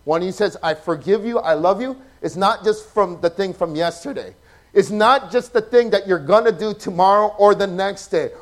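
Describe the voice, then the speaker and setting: High-voiced pastor preaching. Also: male voice, normal speed. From Hawaii. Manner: swings from loud emphatic passages to soft, hushed ones. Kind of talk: sermon.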